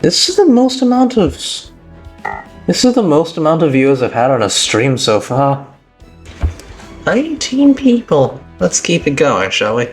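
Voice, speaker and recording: A man's voice: a little high, huge pitch swings, a little slow, faint music behind. A man with a British accent, a tired streamer chatting casually on a live stream, rambling and correcting himself as he goes.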